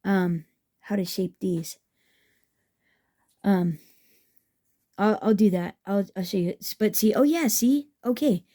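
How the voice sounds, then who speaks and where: A woman's voice: medium pitch, steady tone, slow pace, pauses often, dark tone. A woman chatting casually through a craft tutorial, enthusiastic and thinking aloud as she works. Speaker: craft vlogger.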